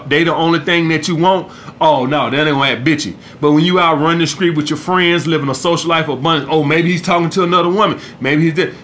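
Blunt high-voiced man. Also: fairly bright tone, slight background noise. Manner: blunt, profane, repeats "all right, guys". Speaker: podcast host, dating coach. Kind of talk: casual advice monologue.

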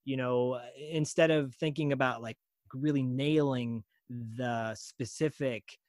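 A man's voice: medium pitch, steady tone, takes it slowly, a little mellow, dry recording. Easygoing male podcast guest, dry sound. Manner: easygoing, laughs often, restarts sentences. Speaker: guest voice actor. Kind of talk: casual podcast chat.

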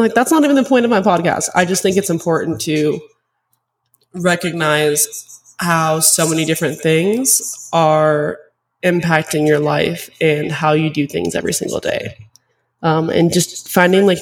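A woman's voice: sits low, fairly even intonation, fairly quick, recorded from a distance, low-quality recording. Tearful young woman, mic set back. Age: 20s. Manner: rambling, heavy on "like" fillers, open and confessional. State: tearful, choked up. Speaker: podcast host. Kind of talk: casual solo podcast talk.

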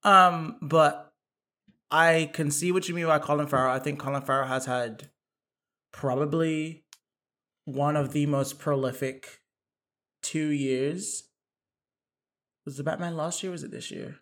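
A man co-hosting a casual chat about film awards, animated and hedging, with frequent restarts. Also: fairly high pitch, unhurried, pauses often. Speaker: co-host.

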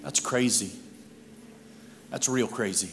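A man's voice: mid-range voice, slow pace. A man preaching as a guest speaker, telling humorous personal stories in a conversational way in church. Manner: humorous, anecdotal, conversational delivery. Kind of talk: storytelling sermon. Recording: long hall reverb with music behind.

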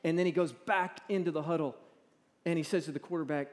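A man in his forties preaching a sermon in a church, talking in a halting, conversational way with repeated words and drawing the audience to respond. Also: on the high side. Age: 40s. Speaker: pastor. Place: large church hall. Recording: long reverb in a large hall.

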